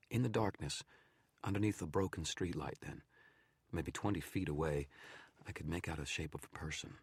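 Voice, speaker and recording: A man narrating a fantasy novel aloud in steady first person on a live stream. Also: extremely low pitch, moderate pace, breathy edge, no echo, clean studio sound.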